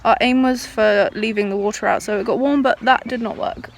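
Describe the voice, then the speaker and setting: Talking into a shaky handheld camera around her home and garden, a young woman vlogs casually with a fairly high, vocal-fry voice. She speaks fairly quickly with fairly even intonation, exclaiming and poking fun at herself, over slight background noise.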